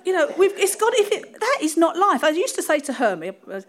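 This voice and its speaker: A woman with a Cockney accent gives a relaxed, conversational sermon. Her voice sits high and swings widely in pitch, and she laughs often and pokes fun at herself between points. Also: a little fast, hardly any pauses. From East End of London. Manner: lively, laughing, self-deprecating storytelling. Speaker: preacher. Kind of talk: informal sermon.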